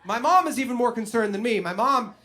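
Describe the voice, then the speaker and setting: A man in his twenties doing stand-up comedy, telling self-deprecating stories in an animated way. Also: very high-pitched, a little fast, slight background noise.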